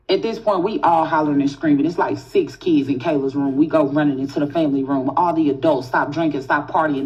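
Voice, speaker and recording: Woman, low voice, brash animated teller who curses freely, addresses listeners as y'all, slightly dull lo-fi audio. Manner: animated, profane, talks straight to the audience. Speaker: storyteller. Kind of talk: casual spooky storytelling.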